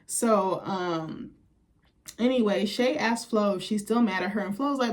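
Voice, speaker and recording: A woman's voice: mid-range voice, normal speed. A young woman casually recapping a reality show, blunt and profane, acting out the quotes she retells.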